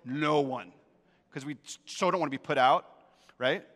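A man's voice: on the high side, moderate pace, fairly bright tone, big-room sound. A middle-aged male pastor preaching a sermon in a church, emphatic, repeating key phrases and often checking in with the congregation. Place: church sanctuary.

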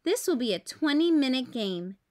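A woman's voice: sits high, moderate pace. A woman voicing a patient mother who explains a game in a storybook read-aloud. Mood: calm. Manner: calm, explaining.

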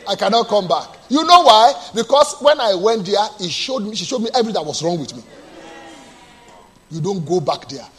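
A male pastor preaching a sermon, asking the congregation to answer and moving between quiet storytelling and loud bursts. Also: big pitch swings, a little fast. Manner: call-and-response preaching, asks the congregation to answer; drops to a low soft storytelling voice, then bursts out loud.

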